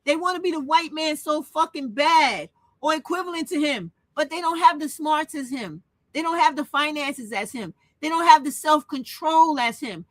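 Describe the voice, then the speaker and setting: High-voiced woman ranting with profanity. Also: expressive, normal speed, no room sound. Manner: profane, blunt, emotional. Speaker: channel host. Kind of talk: impassioned monologue rant.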